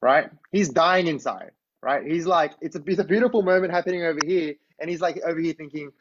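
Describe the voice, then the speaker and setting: A man's voice: on the high side, lively intonation, brisk, slightly rough. Man preaching a conversational sermon, lo-fi. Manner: storytelling, asks listeners to imagine, often adds "right?".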